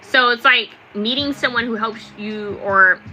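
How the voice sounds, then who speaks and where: Woman, young adult, live tarot reader, very bright tone, rambling chatty delivery, faint background music. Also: fairly high pitch, measured pace, rough recording. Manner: chatty and rambling, lots of fillers. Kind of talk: live-streamed tarot reading.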